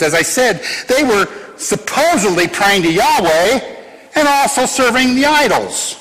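Animated preacher in echoing hall. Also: male voice, on the high side, unhurried. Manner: animated, emphatic, swings from loud to hushed. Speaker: pastor. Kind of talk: sermon with scripture reading.

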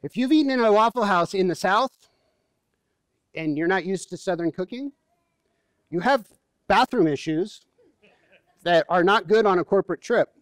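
A male pastor delivers a sermon in a relaxed, joking, storytelling manner. His voice sits high for a man. The sound is dry and close, with little room echo. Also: moderate pace, long pauses. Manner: conversational, humorous storytelling. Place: church.

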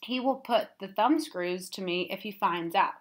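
A woman's voice: medium pitch, moderate pace, close to an everyday voice. Hearty old castle cook guy, fussy and kind, storybook read-aloud, a lady doing his voice. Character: kindly old castle school cook, male.

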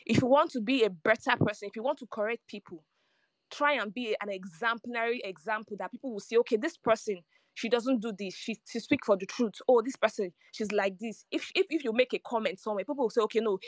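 A woman's voice: on the high side, brisk, no echo. A woman lecturing listeners in a preachy, scolding tone. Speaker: speaker in an online audio room.

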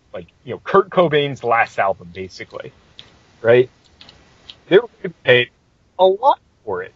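A man tells a tabletop game story on a podcast, swearing freely and sounding exasperated. His voice is husky and swings widely up and down. It comes through a dry, dull lo-fi mic. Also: mid-range voice, no room sound. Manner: profane, animated, exasperated. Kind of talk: casual storytelling.

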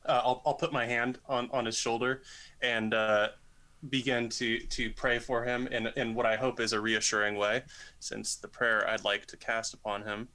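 A man playing in a tabletop game, speaking in character in an earnest, halting way. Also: mid-range voice, level tone, pushed and bright. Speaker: player. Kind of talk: in-character tabletop role-play.

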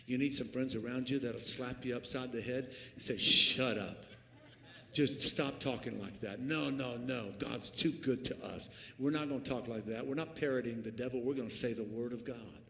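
A man preaching a sermon as pastor, swinging from hushed lines to shouts. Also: mid-range voice, moderate pace, gravelly, hardly any pauses. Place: church sanctuary. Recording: echoey church hall, faint ambience.

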